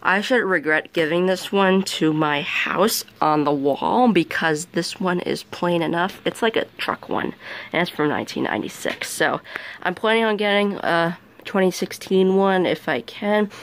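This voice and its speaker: A man's voice: sits high, normal speed, fairly bright tone. A male vlogger giving a casual show-and-tell from his bedroom, chatty and rambling, often correcting himself mid-sentence. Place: bedroom at home.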